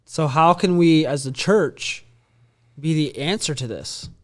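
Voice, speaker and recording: A man co-hosting a Christian podcast, talking in an animated way as he builds up his points. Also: fairly high pitch, a little slow. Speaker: podcast co-host. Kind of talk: conversational Christian podcast discussion.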